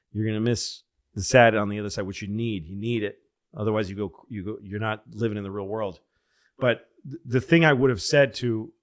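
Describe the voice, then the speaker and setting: Man rambling through a reflective story. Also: lowish voice. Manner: rambling, reflective storytelling with restarts, acting out quotes. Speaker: podcast guest. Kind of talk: casual chat.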